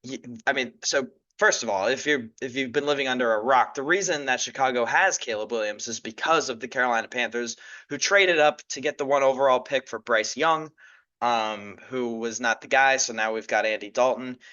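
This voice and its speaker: Young male podcast host, bright tone, loose rambling delivery full of ums, slightly lo-fi. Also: mid-range voice, a little fast. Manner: casual, rambling, many fillers and restarts. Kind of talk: solo sports podcast chat.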